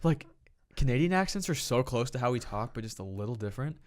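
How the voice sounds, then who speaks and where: A young man co-hosting a casual podcast, piling filler words into fast, loose chat. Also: medium pitch, lively intonation. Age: young adult. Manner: fast, filler-heavy talk. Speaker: podcast co-host.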